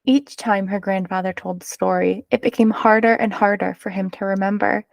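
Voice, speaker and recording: A woman reading a children's picture book aloud, narrating in an expressive, measured way. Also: mid-range voice, vocal fry, no room sound. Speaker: storyteller.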